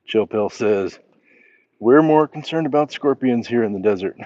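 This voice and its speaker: A man's voice: mid-range voice, expressive, moderate pace, a little mellow, no echo, muffled recording. A man hosting a casual walk-and-talk livestream, reading chat messages aloud and answering them as he walks. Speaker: livestream host.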